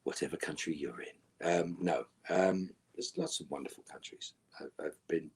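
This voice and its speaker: A middle-aged man with a very deep, husky voice answers fan questions over a video call. His humor is dry and wry, and his remarks often sink into soft, half-mumbled asides. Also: normal speed. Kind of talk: virtual fan Q&A panel.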